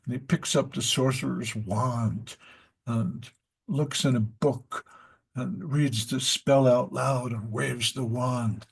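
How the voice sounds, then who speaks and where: A man leads a devotional class at an unhurried pace, wandering through stories and asides. His voice is gravelly and husky. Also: mid-range voice, steady tone. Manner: rambling, with many fillers and asides. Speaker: teacher of a devotional study class.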